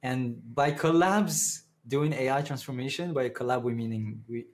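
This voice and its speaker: Lively, fast-talking man chatting. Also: mid-range voice. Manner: lively storyteller, speeds up when excited. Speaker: guest content creator. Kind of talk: casual interview chat.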